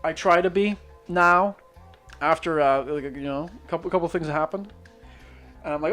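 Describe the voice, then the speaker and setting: Streaming as he draws, a man from Northern Ireland with a muted accent speaks in a fairly high, fairly bright voice at moderate pace, soft music in the background. The casual chat turns into a skeptical, rambling rant with heavy swearing and many restarts.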